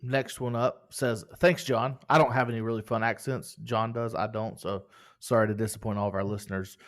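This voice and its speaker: A man's voice: on the low side, steady tone, brisk. A man co-hosting a podcast in casual chat, upbeat and joking while reading out listener reviews. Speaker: podcast co-host.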